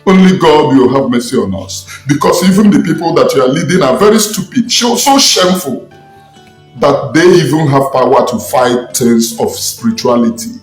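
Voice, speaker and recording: Fiery Nigerian man ranting with lively pitch. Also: normal speed. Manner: angry, preaching, scolding. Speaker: self-styled spiritualist commentator. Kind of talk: impassioned online rant. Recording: echoey room with faint music.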